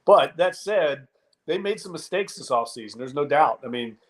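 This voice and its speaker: Male podcast co-host, casual sports chat, analytical, measured delivery. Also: fairly high pitch, animated. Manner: measured, analytical, frequent restarts.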